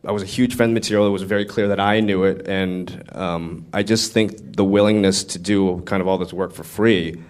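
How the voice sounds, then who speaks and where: A man's voice: low-pitched, a little fast, hardly any pauses, smooth. A man, a screenwriter guest at a Q&A, telling stories casually, acting out quotes, swearing and laughing often. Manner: animated, profane, acts out quotes, laughs often. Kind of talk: casual anecdotal storytelling. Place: live Q&A event.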